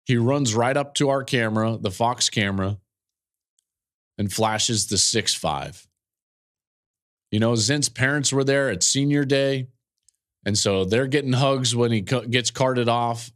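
A man hosting a podcast, telling the story of a game he called with animated emphasis and frequent restarts, speaking into a studio podcast mic. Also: medium pitch, unhurried, pauses often. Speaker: podcast host and football analyst. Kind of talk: casual analysis.

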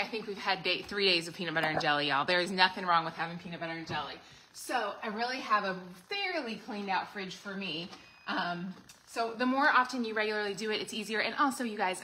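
A woman's voice: mid-range voice, bright, forceful tone, a little hiss or hum, poor audio. A middle-aged woman, chatting to viewers on a livestream while she cleans out her fridge, full of asides and fillers. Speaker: home organizing vlogger. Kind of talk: casual livestream chat. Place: home kitchen.

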